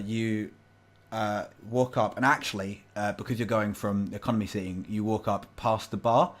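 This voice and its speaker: A man narrating as game master of a tabletop game, halting with many fillers. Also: lowish voice.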